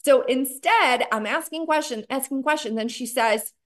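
A woman talks through sales tips on a video call, her voice sitting a little high. She chats quickly and keeps breaking into brighter acted-out dialogue. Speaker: network marketing trainer. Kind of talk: animated training talk on a video call.

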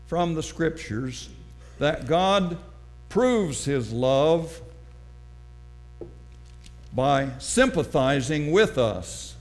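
A middle-aged man preaching a sermon, telling a personal story slowly and dramatically. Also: fairly high pitch. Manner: slow, deliberate, dramatic storytelling.

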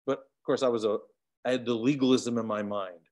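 Leading a Bible study on a video call, the man is animated, moving between emphatic loud moments and soft asides. He has a mid-range voice and talks fairly quickly.

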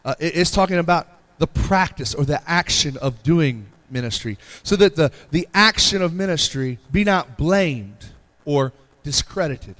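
Earnest man preaching a sermon, slightly high voice. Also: lively intonation, moderate pace, fairly bright tone. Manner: earnest, repetitive pleading delivery with frequent "Amen". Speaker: pastor.

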